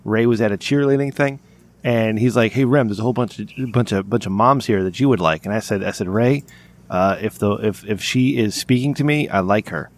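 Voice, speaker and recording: A man's voice: on the low side, fairly quick. A man hosting a podcast, telling a long, rambling, profane story with lots of restarts. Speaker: podcast host. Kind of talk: casual profane podcast chat.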